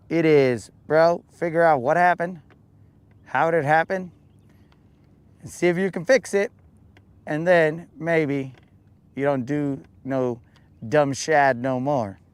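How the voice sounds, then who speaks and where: A young adult man hosts a podcast, casually chatting and joking in heavy slang and calling everyone bro and dog. His voice sits on the high side, clear and resonant, with no echo.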